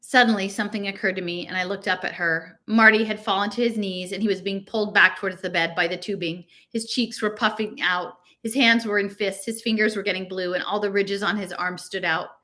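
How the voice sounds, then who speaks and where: A woman reads a novel aloud in a bright, clear voice. She keeps a casual, conversational pace and slows right down to spell out long strings of numbers. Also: medium pitch, steady tone. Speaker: reader.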